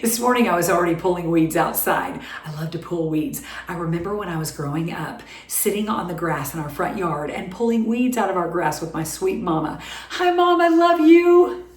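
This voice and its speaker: A woman's voice: on the low side, a little fast, few pauses. Chatty Southern woman in a roomy kitchen. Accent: Southern American. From American South. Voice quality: cheerful, chatty, folksy. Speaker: cooking show host. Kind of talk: home cooking show. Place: home kitchen.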